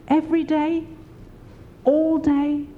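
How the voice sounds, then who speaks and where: A woman's voice: slow pace, narrow, tinny audio. An older woman preaching a sermon, encouraging and often laughing as she speaks. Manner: warm, laughing, encouraging, lively pitch swings.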